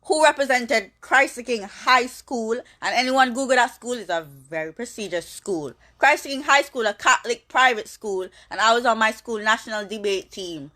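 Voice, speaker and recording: A young woman in her twenties, a social media personality, talking candidly in a rambling way with halting restarts. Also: a little high, bright, forceful tone. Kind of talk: candid monologue.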